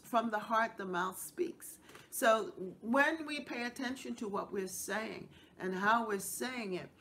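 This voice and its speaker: A woman's voice: medium pitch, bright, forceful tone, a little hiss or hum. A middle-aged woman hosting a devotional Bible teaching show, speaking in an earnest, repetitive preaching cadence.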